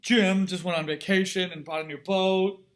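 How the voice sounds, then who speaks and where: A haughty, wealthy party woman bragging in a breezy, high-toned voice, as a man puts her on. She sounds loud and pleased with herself, lifted a little above his usual pitch. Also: steady tone, normal speed, lightly acted. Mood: smug.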